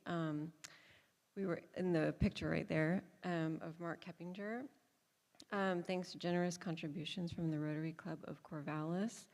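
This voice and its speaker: A woman's voice: low-pitched, vocal fry, a little mellow. A woman from a foundation giving a friendly, filler-heavy report at a school board meeting. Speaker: foundation staff member. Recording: echoey meeting hall.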